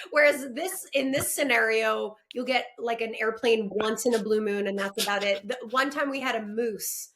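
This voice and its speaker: Woman guest from Canada, casual interview talk, higher register, filler-heavy. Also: moderate pace, a bit bright, a little hiss or hum. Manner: chatty, many likes, laughs often. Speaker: actress guest.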